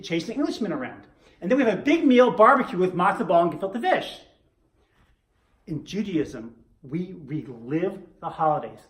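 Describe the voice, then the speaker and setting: A man teaching a class, joking and asking rhetorical questions in a playful, animated way. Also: sits high. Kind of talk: lecture with jokes. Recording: roomy echo.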